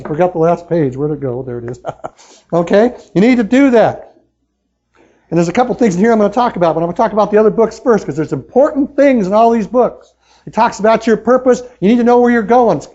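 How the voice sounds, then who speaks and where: A man speaking as a motivational speaker at a sales meeting, talking excitedly and pushing the crowd with questions in a live seminar talk. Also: high-pitched, muffled recording. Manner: excitable, pushy, talks straight to the crowd with questions.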